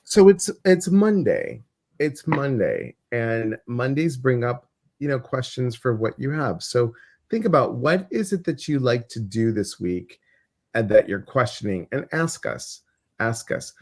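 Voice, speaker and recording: A man's voice: mid-range voice, big pitch swings, unhurried, a little mellow. A man with a Midwestern American accent co-hosting a spiritual livestream in casual, playful chat, often repeating his words over a video call.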